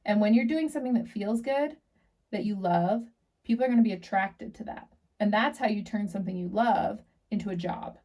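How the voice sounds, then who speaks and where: A woman co-hosting a podcast, giving encouraging advice in a relaxed, chatty way. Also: mid-range voice, fairly quick, distant mic. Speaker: podcast co-host. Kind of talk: casual podcast chat.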